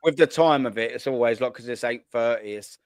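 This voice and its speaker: A man hosting a live fan stream who banters in rapid slang and swears easily. He speaks at a quick clip in a mid-range voice, and the sound is close and dry. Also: mid-range voice, clean tone, no room sound. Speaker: host. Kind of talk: casual live-stream chat.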